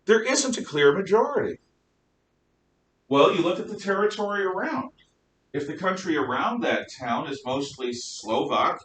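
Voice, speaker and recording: A man giving a history lecture to a class, emphatic and animated, firing off rhetorical questions. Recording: roomy, distant mic with faint rumble.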